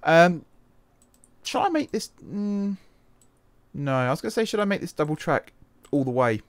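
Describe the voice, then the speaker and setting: A man from the UK with a rather high, sing-song voice speaks at normal speed with no echo. He hosts a let's-play, offering casual commentary as he thinks aloud through a computer game, often reversing and correcting himself, all while suffering wrist pain.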